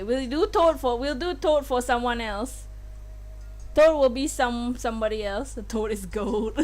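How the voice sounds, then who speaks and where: A young woman streaming a game live, giggly and playful, laughing often as she chats. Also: high-pitched.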